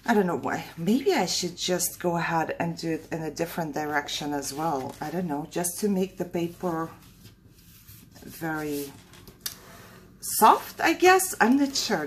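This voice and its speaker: A woman's voice: low-pitched, animated, a little slow, slight background noise. A middle-aged woman hosting a casual craft tutorial at home, chatting, laughing often and second-guessing herself. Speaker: crafting channel host.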